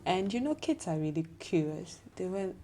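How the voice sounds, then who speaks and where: Low-voiced woman from Ghana, a mother. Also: very animated, normal speed, background noise. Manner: affirming, frequent agreement. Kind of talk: casual group discussion.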